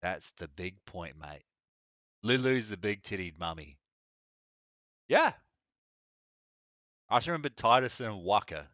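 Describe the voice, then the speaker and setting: A man's voice: fairly low pitch, very animated, a little slow, long pauses, a bit bright, no echo. A young man chatting casually on a live gaming stream, blunt, opinionated and mocking. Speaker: game streamer.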